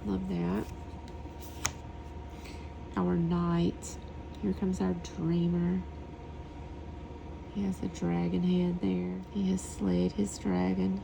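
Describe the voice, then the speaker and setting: A woman reviewing a tarot deck in a soft, hushed voice, often slipping into whispers and lingering on words as she gushes over the artwork. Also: fairly low pitch, level tone, takes it slowly, creaky, long pauses, noisy background. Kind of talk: soft-spoken tarot deck flip-through.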